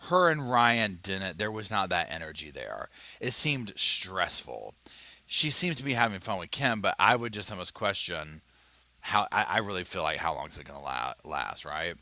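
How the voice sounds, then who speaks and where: Casual male commentary host, lowish voice, animated and chatty. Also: no echo. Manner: animated, chatty, stammering restarts. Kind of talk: casual reaction commentary reading an article. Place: home, at his computer.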